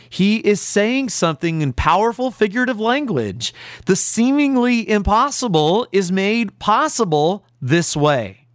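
A man's voice: high voice, sing-song, unhurried, no echo, clean studio sound. A male pastor preaching a sermon, emphatic, building his points through repeated rhetorical lists.

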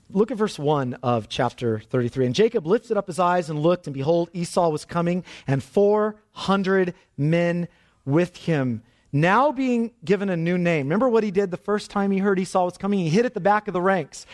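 A man preaching an expository sermon, asking the congregation questions and swinging his delivery for emphasis. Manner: dramatic swings in pitch and pace for emphasis; asks the audience questions.

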